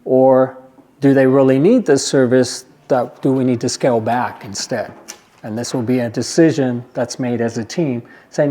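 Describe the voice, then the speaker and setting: A man's voice: medium pitch, steady tone, moderate pace, dark tone. A man giving an informal briefing at an agency meeting, talking plainly, repeating his points and checking in with the room. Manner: conversational, repeats points, asks the room for questions. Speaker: presenter at a care agency meeting.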